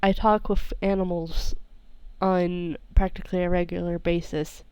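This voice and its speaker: A woman's voice: fairly low pitch, flat delivery, a little slow, a little mellow, clean tone, no echo, rough recording. A woman narrating her character in a casual tabletop role-play, descriptive and giggly.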